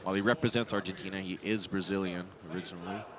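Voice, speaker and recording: A man's voice: deep voice, steady tone, racing, heavy background noise. A man calling a live cage fight in a chatty way, pointing to past fights and a fighter's range of moves. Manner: chatty, lists fight history and examples. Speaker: MMA commentator. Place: open-air arena event. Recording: loud arena crowd behind.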